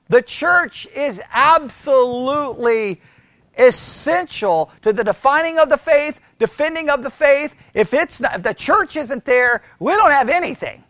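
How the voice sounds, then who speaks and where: A pastor teaching church history as a sermon-style lecture, animated, asking the room questions and often restarting his words. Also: extremely high pitch, slow pace, no room sound, studio quality. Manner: animated, asks the room questions, mimics critics.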